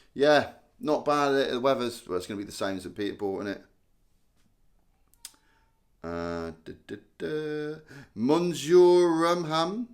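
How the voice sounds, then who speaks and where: Chatty self-mocking man. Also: lowish voice. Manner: chatty, self-mocking, reads viewer names aloud. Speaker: live stream host. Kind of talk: casual live-stream chat reading comments.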